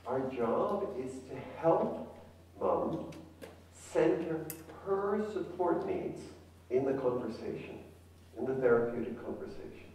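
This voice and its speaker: A man's voice: mid-range voice, lively intonation, slow pace, darkish tone, a little hiss or hum. A man giving a conference talk as a family therapist, engaging the audience with questions. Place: conference hall. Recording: echoey hall from far off.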